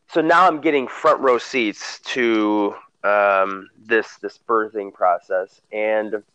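A man with a fairly low voice tells a story in a casual, animated way. He acts out what others said with sudden loud, high bursts. The recording sounds dull and lo-fi. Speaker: guest telling a story.

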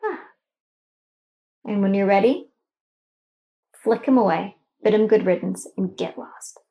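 A woman's voice: mid-range voice, measured pace, gravelly, dark tone. A middle-aged woman hosting and guiding a self-help exercise, coaching the listener directly with emphatic, encouraging instructions.

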